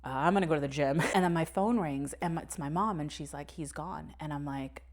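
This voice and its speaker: A woman's voice: low-pitched, fairly quick, a little mellow. A young adult woman co-hosting a podcast, candidly telling a personal story with swearing and nervous laughter. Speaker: podcast co-host. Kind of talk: casual conversation.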